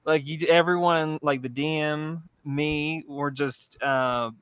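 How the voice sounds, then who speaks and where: A man's voice: a little high, steady tone, takes it slowly, clean tone, no room sound, highs cut off. A man with a Southern American accent chatting on a group call, rambling and hesitant with lots of fillers. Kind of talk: casual group chat on a call.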